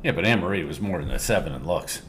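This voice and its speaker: A man's voice: low-pitched, expressive, fast talker, fairly bright tone, slight background noise. A man co-hosting a podcast, reminiscing in a blunt, profane way and chiming in with short remarks. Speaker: podcast co-host. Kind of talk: casual reminiscing chat.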